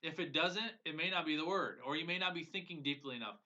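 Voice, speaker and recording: His voice is a little high with a sharp tone, and he moves at a quick pace while coaching viewers on a live broadcast. This business coach is earnest and emotional in his motivational talk, often repeating phrases for emphasis, and the lo-fi recording sounds dull.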